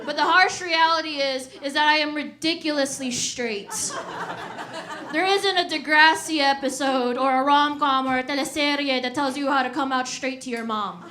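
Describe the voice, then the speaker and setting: A young woman from the Washington D.C. and Virginia area performing a stand-up comedy set on a live stage, animated and punchy as she works the crowd. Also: high voice, moderate pace, slight background noise. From Washington D.C. / Virginia area, USA. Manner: animated, crowd-working, punchy delivery with laughs in the voice.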